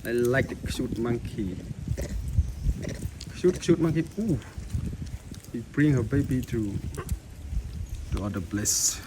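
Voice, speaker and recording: A man with filming monkeys outdoors at sunset, chattering in excited, repetitive exclamations. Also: mid-range voice, slow pace, pauses often. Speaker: wildlife vlogger filming monkeys. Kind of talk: casual live commentary while filming. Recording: distant outdoor camera audio with noise.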